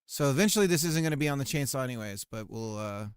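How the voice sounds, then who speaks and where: A man's voice: mid-range voice, expressive, fast, clean tone. A man streaming, chatting casually and muttering to himself as he works on a game. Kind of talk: casual chat while working on a game.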